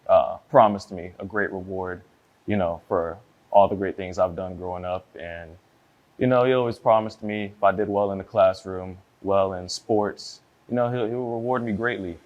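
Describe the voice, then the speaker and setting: A man in his early twenties, a plaintiff speaking hesitantly in court with many fillers and a quiet voice. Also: low voice, normal speed, dull audio. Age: 20s.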